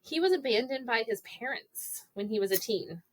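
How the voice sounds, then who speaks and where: A woman's voice: a little high, animated, moderate pace. A woman in her forties co-hosting a podcast, telling stories in a chatty way and putting on quoted voices. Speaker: podcast co-host. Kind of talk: casual podcast chat. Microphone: podcast microphone.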